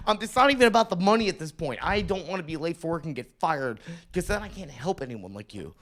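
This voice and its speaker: A man's voice: a little high, animated, fast talker, hardly any pauses, a bit bright. A man in his thirties, co-hosting a podcast, telling a rambling story in casual chat with lots of swearing. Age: 30s. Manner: rambling, swears a lot, acts out voices in anecdotes. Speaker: podcast co-host.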